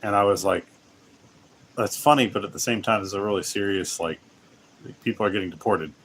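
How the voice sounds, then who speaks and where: Male streamer, lowish voice, rambling casual chat, faint hiss behind. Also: brisk, a bit bright. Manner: rambling, self-interrupting, laughs often. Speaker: livestream host. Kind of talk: casual livestream chat while gaming.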